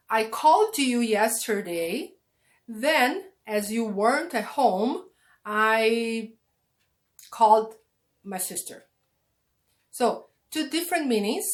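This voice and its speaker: Woman, teacher, very slow, patient, repeats words, pronunciation lesson. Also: a little high. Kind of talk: online English lesson.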